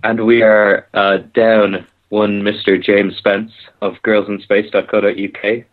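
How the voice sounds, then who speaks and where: A man's voice: lowish voice, little pitch movement, unhurried. A man co-hosting a casual podcast chat with wry, self-deprecating humor. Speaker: podcast co-host. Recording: tinny phone-like line.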